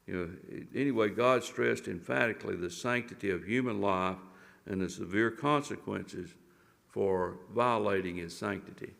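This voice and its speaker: A man teaching a Sunday school Bible lesson in a church, reading scripture and explaining it with halting, repeated restarts and fillers. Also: fairly low pitch, gravelly, fairly bright tone, in a large hall.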